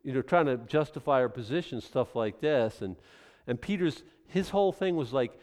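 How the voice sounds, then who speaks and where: A man's voice: medium pitch, animated, normal speed, hardly any pauses, a little mellow. A male pastor preaching a sermon in a loose, conversational way, drifting into asides and acted-out scenes.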